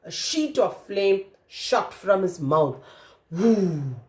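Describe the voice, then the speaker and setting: A woman reads a children's story aloud at an unhurried pace, stopping often to ask her young listeners questions. Her voice sits at a middle pitch, and the recording has a roomy echo around it. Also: big pitch swings. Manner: interactive, asks listeners questions.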